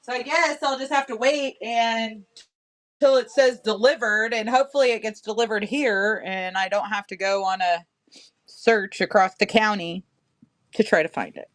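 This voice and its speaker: A woman's voice: a little high, fairly even intonation, normal speed. A woman in her thirties selling crystals on a livestream, chatting casually and laughing often. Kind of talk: casual live-sale chat.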